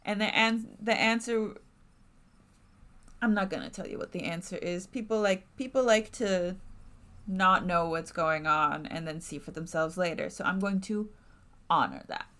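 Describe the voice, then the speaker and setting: A woman's voice: fairly low pitch, normal speed, fairly bright tone. A woman streaming a narrative game from home, chatting casually with enthusiasm and many fillers. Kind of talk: casual let's-play chat.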